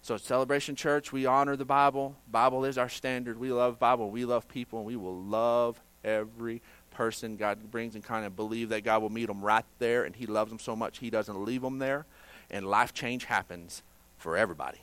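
A male pastor preaching a sermon conversationally, moving from hushed, quiet stretches to fervent, raised passages, with dry sarcastic asides. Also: medium pitch, steady tone, brisk, clear, resonant tone.

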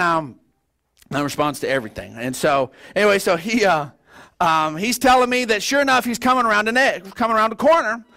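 A middle-aged man, preaching a sermon as a pastor, telling stories in a folksy, animated way with stammered restarts. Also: high-pitched. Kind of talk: sermon with storytelling.

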